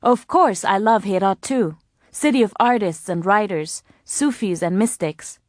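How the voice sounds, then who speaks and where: A woman reading the lines of a kindly, balding middle-aged male orphanage director, gently joking and cordial. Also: medium pitch, measured pace, no echo, studio quality, close to an everyday voice. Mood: genial.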